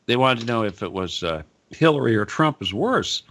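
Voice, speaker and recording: A man hosting a talk radio show, chatting casually and rambling, with frequent laughs and animated asides. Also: medium pitch, normal speed.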